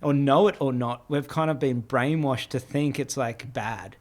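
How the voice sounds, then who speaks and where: A man's voice: medium pitch, measured pace. A man hosting a podcast, talking in a casual, reflective way with many fillers. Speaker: podcast host. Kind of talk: casual conversational interview.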